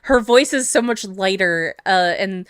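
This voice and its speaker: A woman from Canada hosts a casual podcast chat, rambling with many fillers. Her voice is smooth and mid-pitched, and the audio is dry and close. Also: measured pace, a bit bright, no room sound. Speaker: podcast host. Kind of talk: casual chat over a call.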